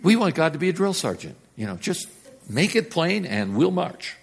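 A man preaching a sermon, telling the story with big swings from loud and emphatic to hushed. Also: on the high side, sing-song, normal speed, creaky, breathy edge.

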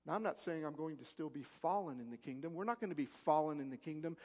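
A male pastor preaching a sermon, swinging from loud emphatic peaks to soft storytelling. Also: fairly high pitch, expressive, fast. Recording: long reverb of a large hall.

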